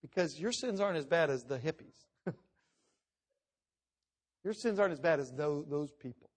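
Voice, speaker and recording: A middle-aged man preaching a sermon, swinging from loud emphatic reading to hushed, intense asides. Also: on the high side, expressive, normal speed. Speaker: pastor.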